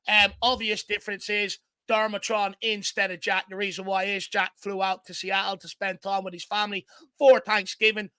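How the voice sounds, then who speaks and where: A man's voice: sits high, pushed and bright, clear, resonant tone, dry recording. An Irish man hosting a live fan show, chatting casually and reading out viewer comments. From Ireland. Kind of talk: casual live-stream chat.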